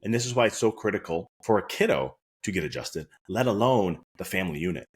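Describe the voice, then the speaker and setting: Quick, low-voiced male podcast host and chiropractor; anecdotal, earnest storyteller. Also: big pitch swings, husky. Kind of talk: casual podcast monologue.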